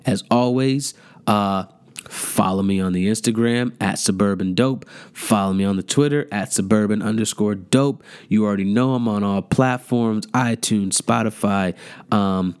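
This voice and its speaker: A man's voice: on the low side, normal speed, clear, resonant tone. Heated, mocking man ranting. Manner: heated, profane, mocking, repetitive. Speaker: podcast host. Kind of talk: casual rant.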